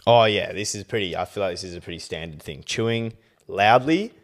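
A young man co-hosting a podcast, telling stories in lively, sweary casual chat. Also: low voice, fairly quick. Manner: animated storytelling, swears freely. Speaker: podcast co-host.

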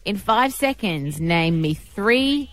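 A woman hosting breakfast radio, teasing callers in a bubbly, fast way. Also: medium pitch, animated, a bit bright, no echo. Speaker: radio host.

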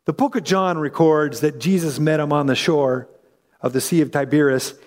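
Speaking at a moderate pace, a pastor who is an adult parent preaches with a darkish tone and a voice on the high side, trailed by long reverb. He is conversational and takes on the voices of the characters in the story he tells.

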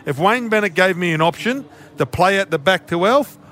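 An Australian former player turned commentator speaks in a high voice, fairly quickly, in a radio studio. His casual sports banter is blunt and animated, peppered with "mate."

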